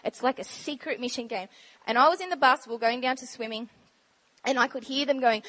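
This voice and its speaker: A woman giving an informal, chatty sermon talk in a church, bubbly and quick to laugh. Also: fairly high pitch, sharp tone. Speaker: church speaker sharing testimony.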